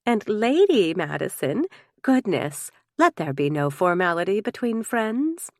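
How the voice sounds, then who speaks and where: Effusive society hostess woman, read by a woman narrator, gracious, lower pitch, dry sound. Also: big pitch swings, a little slow, no room sound. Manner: effusive, friendly.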